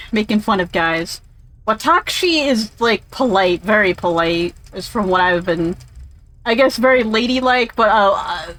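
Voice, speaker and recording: A woman's voice: a little high, fairly bright tone, rough recording. A woman casually commentating while playing a game, rambling and swearing freely. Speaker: let's play streamer.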